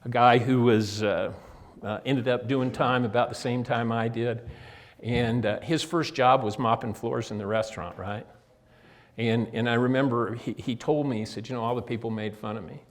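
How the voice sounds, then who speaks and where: A man's voice: medium pitch, fairly even intonation, moderate pace. Older man telling folksy recovery stories. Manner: folksy storytelling, acts out quoted dialogue; direct address to listeners. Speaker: guest speaker. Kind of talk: motivational talk to inmates. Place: prison meeting room.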